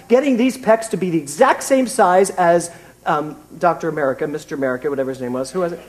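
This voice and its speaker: High-voiced British man in his fifties preaching. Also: animated, quick pace. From Britain. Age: 50s. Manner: conversational and self-mocking, with frequent restarts. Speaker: minister. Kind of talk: sermon with personal anecdote.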